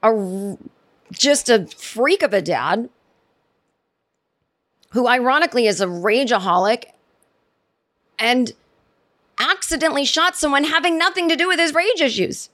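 A woman's voice: fairly high pitch, lively intonation, unhurried, long pauses, fairly bright tone. Chatty woman hosting a comedy podcast. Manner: chatty, rambling, sarcastic, many restarts. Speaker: podcast host. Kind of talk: solo comedy podcast rant.

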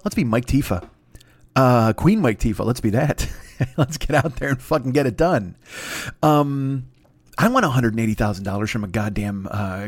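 A middle-aged man hosting a podcast, telling stories in a crude, swearing, animated comedic rant. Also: medium pitch, dry recording. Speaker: podcast host.

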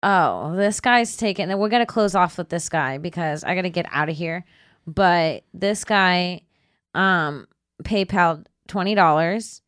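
A woman's voice: fairly low pitch, unhurried, a bit bright, dry recording, clean studio sound. A woman co-hosting a podcast, crudely roasting listeners with lots of laughter. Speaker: podcast co-host. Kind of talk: casual comedic roast.

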